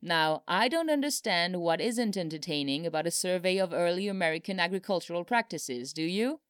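A woman's voice: lowish voice, lively intonation, brisk, smooth, no room sound, clean studio sound, natural voice. Bartlett, a woman doing a wry old president. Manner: wry, dryly solemn. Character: older male president, dry and folksy.

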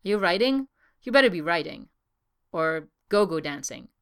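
A woman's voice: on the low side, expressive, normal speed, clear, resonant tone. A woman voicing a brash, swearing male artist who talks bluntly and sardonically. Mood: sardonic.

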